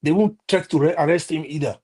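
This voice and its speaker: Scolding and heated, a Nigerian-accented man comments on politics during a live stream, often halting and restarting. His voice is a little high, slightly rough, with a darkish tone.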